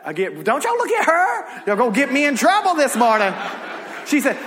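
A man preaching in a church sanctuary, his voice high and bright as he spins laughing stories for the congregation. The sound rings with the long reverb of a large hall. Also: fast talker. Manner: animated, laughing, drawling Southern storyteller. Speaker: pastor. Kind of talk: sermon with storytelling and jokes.

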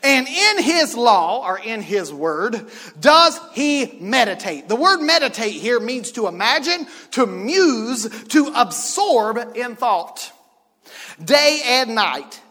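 High bright man preaching, gets loud then hushed, long echo like a big church hall. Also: big pitch swings, slow pace. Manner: swings from loud shouting to quiet, intimate talk. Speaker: pastor. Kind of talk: sermon.

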